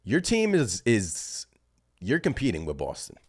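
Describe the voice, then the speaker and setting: A man hosting a basketball fan channel, reacting live in an excited, rambling way as he thinks aloud. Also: medium pitch, a little slow, slightly rough.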